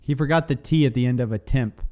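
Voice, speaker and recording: A man's voice: medium pitch, fast talker, mellow. A young man co-hosting a podcast, joking and teasing in casual banter. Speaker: podcast co-host.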